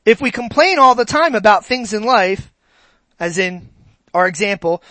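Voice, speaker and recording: A preacher giving a sermon, animated and asking the congregation rhetorical questions. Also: mid-range voice, normal speed, dry recording, low-quality recording.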